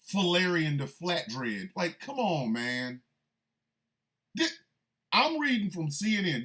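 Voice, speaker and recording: Animated, incredulous male radio host. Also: on the high side. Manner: animated, incredulous, with loud outbursts. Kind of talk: comedic rant.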